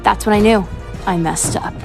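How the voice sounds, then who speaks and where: A woman narrating a mock-epic voice-over, deadpan and self-mocking. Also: mid-range voice, normal speed, creaky. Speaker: TikTok creator. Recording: music playing under the voice.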